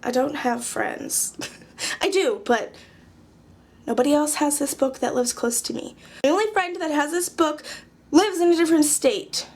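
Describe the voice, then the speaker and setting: Flipping through her journal in a vlog, a young craft journaler chats casually in a high, slightly mellow voice at an ordinary pace. She's talkative and self-mocking, with a dry, sarcastic sense of humor.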